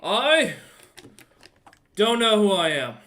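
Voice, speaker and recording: A man playing a hulking half-orc, bewildered and meek, pitched up and plaintive. He sounds completely lost. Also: very animated, slow, bright, forceful tone, full character voice.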